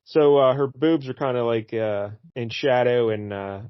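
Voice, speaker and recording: A man's voice: medium pitch, normal speed, clean tone, no room sound, muffled recording. Chatty man retelling a comic story. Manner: retells the story, briefly acting out lines. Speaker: podcast co-host. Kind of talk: casual comic book chat.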